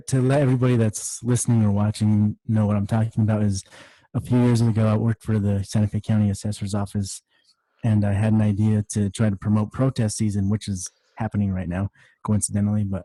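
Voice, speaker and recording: A man's voice: lowish voice, dark tone, no echo, rough recording. A man co-hosting a casual podcast, telling stories about past projects and laughing easily. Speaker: podcast co-host. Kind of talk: casual chat.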